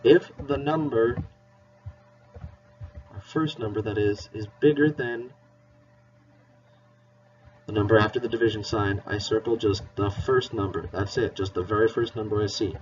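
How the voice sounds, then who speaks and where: Speaking unhurriedly with long pauses, a man with a fairly low, darkish voice gives kids a playful, encouraging math lesson and spells words aloud. He was recorded from a distance on dull lo-fi audio with faint hiss.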